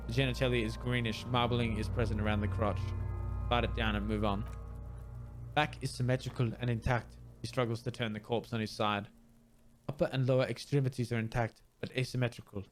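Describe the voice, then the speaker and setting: A man playing through a video game, reading its dialogue aloud and doing amateur voices for the characters. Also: mid-range voice. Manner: amateur voice acting, measured reading. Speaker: let's player.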